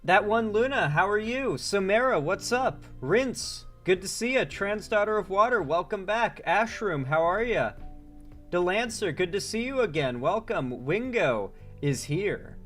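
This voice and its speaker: A man's voice: high-pitched, lively intonation, measured pace, a bit bright, soft background music. Man greeting a livestream chat. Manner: greets chat names one by one, rambling asides. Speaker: livestream host.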